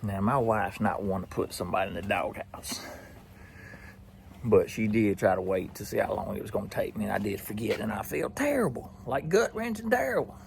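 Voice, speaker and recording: Animated man, folksy vlog talk. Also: fairly low pitch, fairly quick, creaky, slight background noise. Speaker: outdoors vlogger. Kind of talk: casual vlog chat.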